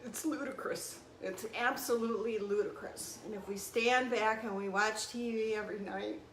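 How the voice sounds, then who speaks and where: A woman's voice: medium pitch, steady tone, normal speed, fairly bright tone. A woman in her sixties, a registered nurse, speaking earnestly and emotionally to camera, rising into indignant outbursts. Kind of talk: impassioned monologue to camera. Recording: echoey room with faint background hum.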